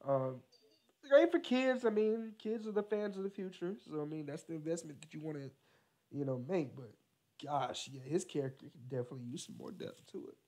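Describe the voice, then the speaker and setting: A man's voice: fairly high pitch, darkish tone. Laughing, rambling man on a podcast. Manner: laughs often, rambling with many fillers. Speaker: podcast co-host. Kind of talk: casual wrestling chat.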